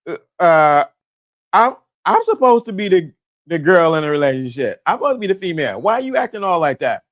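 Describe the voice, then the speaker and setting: A man's voice: a little high, big pitch swings, fairly quick. A man mimicking an exasperated girlfriend who scolds her crying partner. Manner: scolding, impatient.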